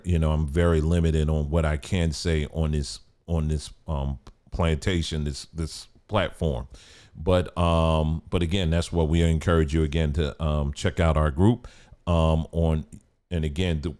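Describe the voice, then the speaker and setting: A man with a deep, low voice gives casual commentary to his viewers. He talks cautiously and haltingly, stopping often to restart a sentence or fill a pause. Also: darkish tone. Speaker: channel host.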